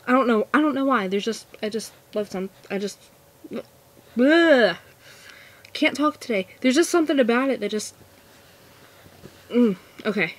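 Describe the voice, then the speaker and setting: A seventeen-year-old girl answering viewer questions in a casual vlog, nervous and giggly, rambling with lots of restarts. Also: a little high. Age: teens. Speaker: vlogger.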